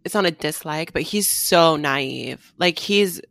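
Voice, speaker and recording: Chatty young woman, low voice. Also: a little slow, gravelly, a bit bright, dry recording, clean studio sound. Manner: chatty, emphatic, fond of slang. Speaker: podcast co-host. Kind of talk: casual chat reviewing a reality show.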